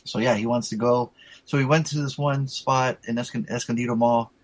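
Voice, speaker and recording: A man's voice: medium pitch, steady tone, a little fast, no room sound, low-quality recording. A man telling a rambling, profanity-laced story in casual chat, full of fillers.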